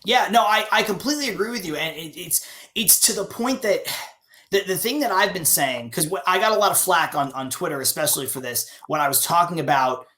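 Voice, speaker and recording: A man's voice: high voice, expressive, fairly quick, bright, forceful tone. A man hosting a live stream, chatting casually and opinionated, with many restarts, reading viewer comments aloud. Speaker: show host.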